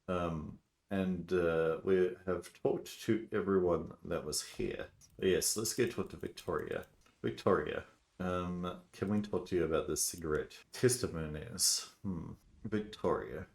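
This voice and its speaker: A man casually playing a detective game, reading text aloud and thinking out loud with frequent hesitations. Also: deep voice. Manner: hesitant, lots of ums. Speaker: gameplay narrator.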